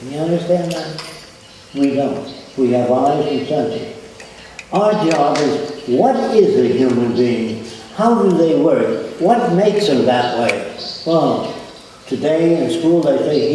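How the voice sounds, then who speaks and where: Older male lecturer, anecdotal and blunt, dark tone, recorded from far off in a very echoey hall. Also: on the high side, animated, slow, pauses often, slight background noise. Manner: plainspoken, anecdotal, acts out little dialogues. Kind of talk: public lecture.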